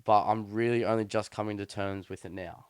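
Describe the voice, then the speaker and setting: On the low side and steady in tone, the young man talks a little fast with a clear, resonant voice. Recorded in a clean studio with no room sound, he co-hosts a podcast, chatting casually and telling a slangy story that keeps restarting.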